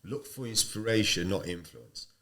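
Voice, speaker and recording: A man's voice: lowish voice, animated, moderate pace, a bit bright. A man in his thirties, a podcast guest, telling his life story in a blunt, streetwise way with plenty of swearing. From Sicily. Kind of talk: casual storytelling.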